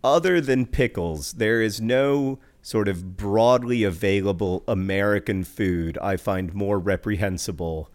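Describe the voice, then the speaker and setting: A man's voice: fairly low pitch, a little slow, hardly any pauses. A man co-hosting a podcast, chatting casually with wry, dry humor and a lot of "like" fillers. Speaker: podcast co-host. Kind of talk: casual chat.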